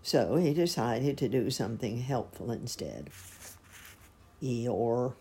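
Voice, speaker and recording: A woman slowly reading a classic children's book aloud in a gentle storytelling way. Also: rumbling low, sing-song, vocal fry, slightly rough. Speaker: storybook reader.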